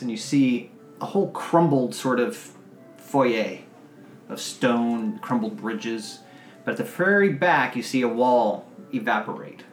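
Game master narrating in an echoey room. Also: male voice, medium pitch. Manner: descriptive, relaxed storytelling. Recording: roomy echo with faint music.

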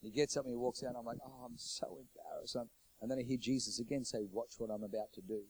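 A middle-aged pastor preaching a sermon, swinging from loud, urgent declarations to hushed, intimate storytelling. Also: male voice, mid-range voice, fairly even intonation, rapid-fire, husky, low-quality recording.

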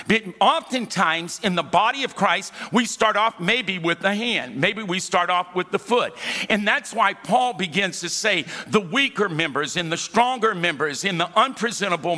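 Male pastor, high and bright, mid-sermon with call-and-response, reverberant sanctuary, faint band underneath. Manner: calls for congregation responses, storytelling, humorous asides. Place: church sanctuary. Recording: hall reverb with faint music.

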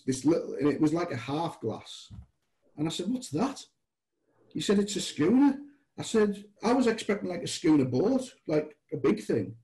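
A man's voice: on the high side, low-quality recording. A middle-aged man from Britain, a guest telling chatty stories, often acting out the voices of people he quotes. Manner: chatty, restarts, animated quoted dialogue. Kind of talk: casual anecdotal storytelling.

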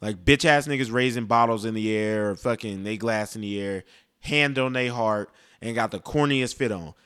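A man's voice: on the low side, normal speed, fairly bright tone, clean tone. A young man giving a casual, blunt and profane rant about music, rambling with restarts. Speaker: music commentator.

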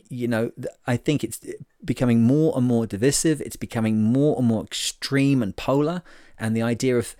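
A man's voice: medium pitch, darkish tone, no echo, clean studio sound. A man hosting his own podcast, talking casually on his own, rambling and joking at his own expense with lots of fillers. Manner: rambling and jokey, with many fillers and self-mocking asides. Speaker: podcast host. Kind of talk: casual solo podcast monologue.

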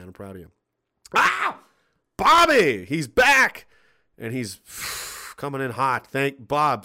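A man hosting a casual livestream, reading viewer messages aloud, cursing freely and laughing often. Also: lowish voice. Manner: profane, animated, laughs often, reads chat aloud.

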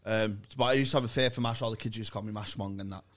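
A man's voice: fairly low pitch, steady tone, very fast, heavy background noise. A man co-hosting a comedy podcast, hungover, telling crude rambling stories in casual chat. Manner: crude, jokey, rambling storyteller. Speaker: podcast co-host.

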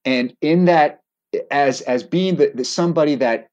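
Calm, self-deprecating middle-aged man. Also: on the high side, lo-fi sound. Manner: self-deprecating, with wry laughs; calm and deliberate in delivery. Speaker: guest, former hostage negotiator. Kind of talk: anecdotal storytelling in a podcast interview.

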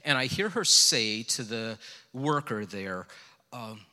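A middle-aged male pastor delivers his sermon like a conversation, slipping into self-deprecating stories. His voice is bright and forceful, and it rings with the long reverb of a church hall. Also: mid-range voice, expressive, moderate pace. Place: church sanctuary.

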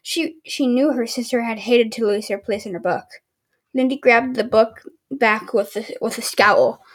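A woman's voice: on the high side, moderate pace. A woman hosting a casual home podcast, reading a book aloud with stumbles and sarcastic asides. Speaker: podcast host.

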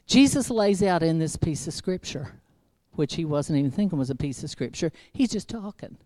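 Low-voiced woman preaching a chatty sermon. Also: mellow, no room sound. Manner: chatty and humorous, with wry asides. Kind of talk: conversational sermon.

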